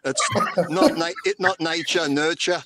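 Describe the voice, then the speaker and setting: A co-host on a video call jumps in with teasing, jokey ribbing aimed at his friend. His voice sits a little higher than most men's, and he keeps the tone light and playful. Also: fairly even intonation, measured pace, a loud crowd. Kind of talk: casual teasing chat.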